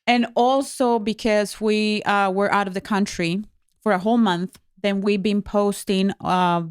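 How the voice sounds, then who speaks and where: Spanish-native woman cohosting a podcast, smooth clear voice, dry close sound, lots of ums and restarts. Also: mid-range voice, fairly even intonation, a little slow, no room sound. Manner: earnest, candid, with frequent fillers and restarts. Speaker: podcast co-host. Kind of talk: casual podcast chat.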